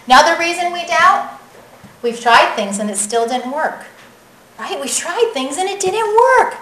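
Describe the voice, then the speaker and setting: Animated high-voiced woman preaching. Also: a little slow, roomy sound, slight background noise, rough recording. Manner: animated, conversational, keeps asking the audience "right?". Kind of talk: sermon.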